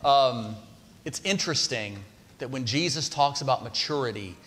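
A man preaches a sermon in a church sanctuary, keeping it conversational and often turning questions to the congregation. His voice sits in a middle pitch for a man. The sound carries a long reverb from the hall. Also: lively intonation, normal speed, a bit bright. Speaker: pastor.

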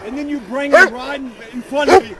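A man shouting and lecturing angrily on a street outside, with a dog barking near him. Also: extremely high pitch, a little fast, over a noisy crowd. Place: outdoors on a street.

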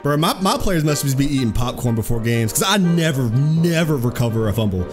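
A young man giving excitable, profane live commentary over his own football video game match, trash-talking his opponent. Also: mid-range voice, brisk, music in the background. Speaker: gaming streamer.

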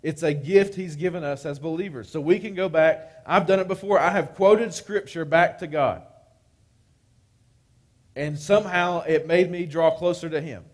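A man's voice: on the high side, normal speed. A man preaching a live-streamed sermon, talking conversationally and often checking in with "right?". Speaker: pastor.

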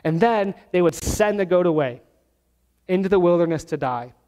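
A man preaching a sermon as pastor, teaching verse by verse and slowing down to stress key words. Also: high voice, expressive, warm tone. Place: church sanctuary. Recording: long hall reverb.

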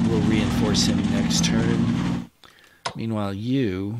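A man's voice: mid-range voice, takes it slowly, heavy background noise. A man hosting a let's-play of a strategy wargame, thinking aloud as he moves and bursting into cheers when an attack pays off. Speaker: gaming channel host. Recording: loud game battle sounds behind voice. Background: loud artillery and gunfire from the game.

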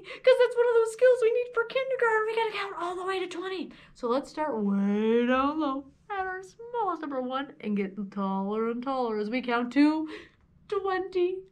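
A young woman, a children's librarian, leading a kindergarten lesson in a cheerful sing-song teacher voice with playful pitch games. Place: library program recording.

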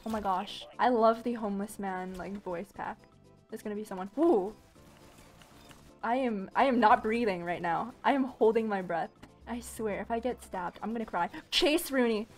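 A woman giving live gameplay commentary at home, excitable, shrieking and exclaiming and making gun noises as she plays. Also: mid-range voice, moderate pace, faint music behind. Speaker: gaming YouTuber.

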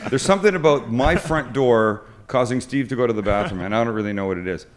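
A man's voice: mid-range voice, a little hiss or hum. A man hosting a live cooking webcast, telling jokey stories in casual banter. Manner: joking storyteller, quick asides. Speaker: cooking show host.

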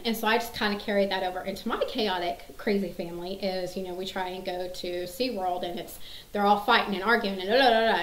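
A woman's voice: mid-range voice, roomy sound, poor audio. A woman in her thirties chatting casually to camera, rambling with many fillers and restarts. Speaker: mom sharing favorite movie quotes.

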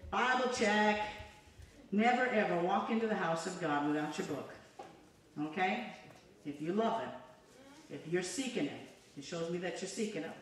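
A woman's voice: on the low side, expressive, moderate pace, pauses often. A woman evangelist preaching a sermon in a church, fervent and conversational, drawing the congregation in with call-and-response. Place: church sanctuary. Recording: echoey church hall from far off.

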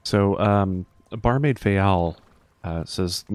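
A man narrating a tabletop game as game master, pausing often with fillers. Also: low voice, no echo. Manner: hesitant, many fillers.

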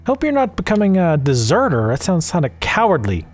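A man's voice: sits high, wildly swooping pitch, a little fast. Sarcastic Southern man commenting on gameplay. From American South. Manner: sarcastic, profane, rambling asides. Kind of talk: casual let's play commentary. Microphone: desk mic at home.

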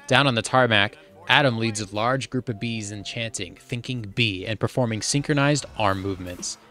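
A man's voice: on the low side, moderate pace, few pauses, pushed and bright. A man reading a film script aloud for comedy, playing each part in nearly the same voice and breaking into mock panic now and then. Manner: reads every part in a barely changed voice with bursts of mock panic. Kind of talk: comic script read-through.

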